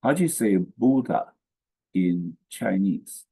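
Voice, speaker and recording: A man teaching pronunciation slowly, saying each syllable and then repeating it. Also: deep voice, expressive, vocal fry, mellow, breathy edge. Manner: slow and deliberate, repeats each syllable twice. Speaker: language teacher. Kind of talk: slow pronunciation lesson.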